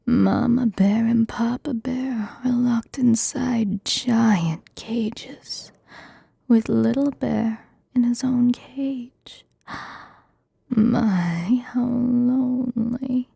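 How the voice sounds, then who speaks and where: A woman's voice: on the high side, steady tone, drawn-out words, vocal fry, dark tone, slightly rough, no echo, clean studio sound. A woman streamer whispering an ASMR script reading, with giggly asides between lines.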